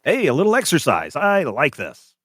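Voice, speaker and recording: A man's voice: a little high, wildly swooping pitch, normal speed, a bit bright, dry recording, voice pushed up, heavily acted. A man voicing a cocky, flirtatious man in a nice suit, talking in a breezy, smug way.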